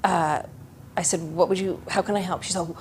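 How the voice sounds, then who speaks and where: A middle-aged woman giving a live workshop presentation to educators, talking in an animated way. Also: fairly low pitch, brisk, slight background noise. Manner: animated, acts out children's voices.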